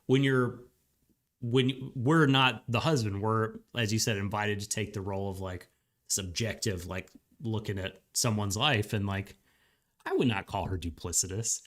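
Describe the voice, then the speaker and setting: A man's voice: fairly low pitch, measured pace. A man co-hosting a casual podcast discussion, hesitant, filling his talk with "like" and restarts. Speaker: podcast co-host.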